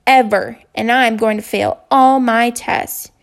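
A woman voicing an upset, defiant young schoolboy who shouts his words out slowly in a childish voice. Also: a little high, fairly even intonation, creaky. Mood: angry. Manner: childish, slow shouted outbursts.

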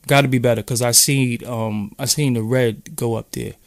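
A man's voice: mid-range voice, steady tone, moderate pace, creaky, dry recording, clean studio sound. A man from Brooklyn with a New York accent, rambling in casual, profane street talk as he hosts a live-stream chat. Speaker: podcast host.

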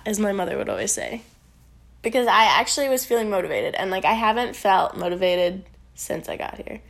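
With a medium-pitched voice, vocal fry and a fairly quick pace, a woman powerlifter rambles casually to camera. Her talking-head vlog is full of fillers and swearing, and she sounds a bit congested.

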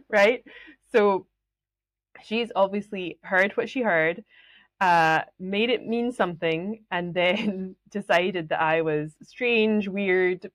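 A woman's voice: on the low side, dry recording, studio quality. A woman with a Scottish accent hosting a solo podcast, telling stories in a chatty way and often laughing. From Scotland. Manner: chatty, laughs often, acts out quoted voices. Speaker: podcast host.

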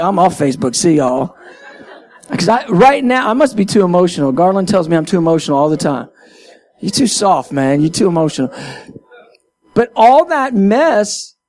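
High, gravelly-voiced man preaching passionately. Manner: emphatic and animated, repeats key phrases. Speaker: Christian minister speaking to his audience. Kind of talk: impassioned casual talk, half sermon.

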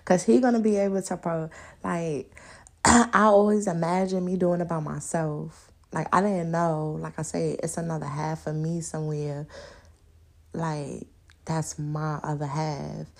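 A young woman hosting a podcast, chatting casually and telling loud, animated stories full of laughter and acted-out quotes. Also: low voice, a little slow, vocal fry. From New York and the countryside. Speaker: podcast host. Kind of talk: casual solo podcast chat.

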